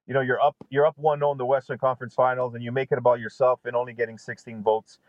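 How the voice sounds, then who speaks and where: A man's voice: mid-range voice, little pitch movement, fast, dry recording. Emphatic man on a dull remote line. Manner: emphatic, punchy short phrases. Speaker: guest basketball analyst. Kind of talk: sports talk analysis.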